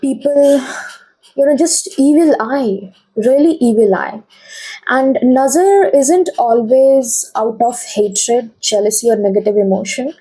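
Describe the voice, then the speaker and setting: A woman's voice: on the high side, measured pace, mellow, slightly rough, low-quality recording. A young woman giving a casual tarot reading, chatty and often checking in with her viewers. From India. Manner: chatty, keeps checking in with "okay?". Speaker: tarot reader.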